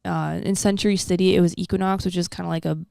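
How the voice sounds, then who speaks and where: A woman hosting a podcast in casual chat. She tells stories in an animated way, full of swearing and slang, on a close studio mic. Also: on the low side, quick pace, gravelly, clean tone, dry recording. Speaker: podcast host.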